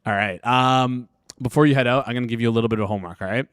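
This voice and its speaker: A Canadian man hosting a casual sports betting show, firing off quick, repeated prompts and questions. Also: mid-range voice, fairly bright tone, clean tone, dry recording, clean studio sound.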